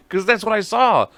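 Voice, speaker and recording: Alone at the mic, this podcast host rambles through casual chat, swearing and poking fun at himself. The recording is dry, and his mid-range voice has a slightly bright edge.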